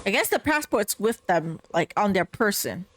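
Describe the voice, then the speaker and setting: A woman's voice: mid-range voice, very animated, moderate pace, a bit bright. A young woman streaming a game, making chatty, blunt, sarcastic asides. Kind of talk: casual gameplay commentary.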